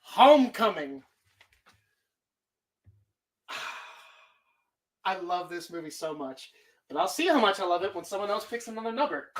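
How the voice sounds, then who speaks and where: A woman's voice: medium pitch, lively intonation, a little slow, long pauses. A woman hosting a live stream, talking casually in a rambling, profane way. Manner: rambling, heavy swearing. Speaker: streamer host.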